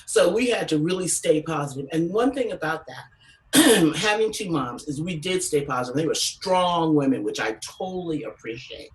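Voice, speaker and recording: A woman telling stand-up stories from California, animated and acting out voices with big pitch jumps. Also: moderate pace, recorded from a distance, low-quality recording. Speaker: comedian. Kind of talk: stand-up storytelling.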